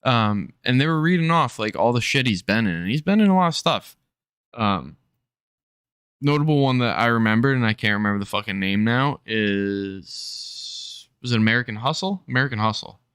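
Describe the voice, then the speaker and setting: Profane, bright-voiced male streamer. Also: medium pitch, expressive, normal speed, smooth, no room sound, studio quality. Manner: profane, offhand, loose. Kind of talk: casual chat reacting to a clip.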